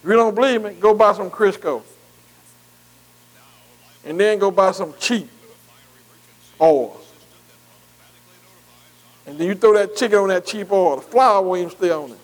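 A man's voice: high-pitched, unhurried, pauses often, low-quality recording. A man preaching a folksy sermon, calling out to the congregation. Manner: folksy, call-and-response preaching with dialect.

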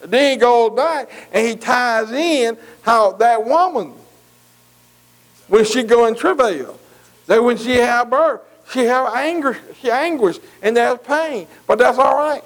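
A man's voice: very high voice, measured pace, rough recording. A man preaching a folksy sermon, calling out to the congregation. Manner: folksy, call-and-response preaching with dialect.

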